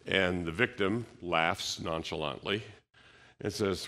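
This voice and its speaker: Deep, bright-toned man giving a talk. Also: expressive, moderate pace. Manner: conversational, with frequent fillers and restarts, acting out dialogue. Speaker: conference speaker. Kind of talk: conference talk on apologetics.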